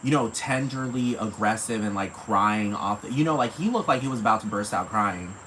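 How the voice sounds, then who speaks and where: A man's voice: lowish voice, a little fast, sharp tone, a little hiss or hum, poor audio. A man hosting a solo podcast, rambling in casual, profane commentary and asking again and again whether the listener knows what he means. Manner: rambling, profane, repeats "you know what I'm talking about". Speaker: podcast host.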